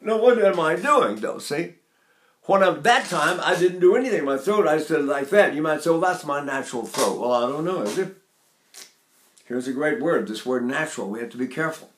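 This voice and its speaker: A man's voice: a little high, lively intonation, fairly quick, reverberant. An older man teaching singing, talking to a class and breaking off into brief sung demonstrations. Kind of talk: vocal lesson with sung demonstrations.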